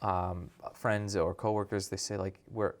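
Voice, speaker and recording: A man, an actor being interviewed, talking in a relaxed, thoughtful way with many "like"s. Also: deep voice, a little slow, a little hiss or hum. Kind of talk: casual interview chat.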